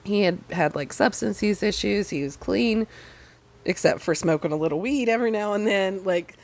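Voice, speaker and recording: A young woman telling a story in casual chat, lively and swearing freely. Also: mid-range voice, moderate pace, vocal fry. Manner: animated, swears freely, acts out quotes. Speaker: podcast co-host.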